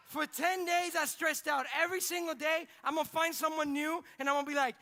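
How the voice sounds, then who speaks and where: A pastor preaches in a very high, bright and forceful voice. He tells his story in an animated way and often breaks into exclamations. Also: a little fast, few pauses. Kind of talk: sermon.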